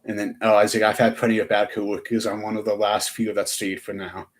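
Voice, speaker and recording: A man's voice: fairly low pitch, flat delivery, brisk. A young man chatting on a live stream, rambling with lots of fillers and restarts. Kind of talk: casual live-stream chat.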